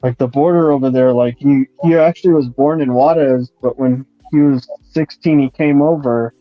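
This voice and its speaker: A man chatting casually and calmly while he paints, explaining as he works. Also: mid-range voice, normal speed, dry recording. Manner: relaxed, explains while working. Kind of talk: casual chat. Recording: dull lo-fi sound.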